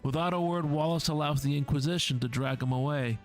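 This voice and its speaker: A man's voice: fairly high pitch, brisk, soft background music. A man reading a visual novel aloud in a dramatic way, acting out the characters and adding his own asides. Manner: lively, voices each character, adds asides. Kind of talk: dramatic read-through of a game.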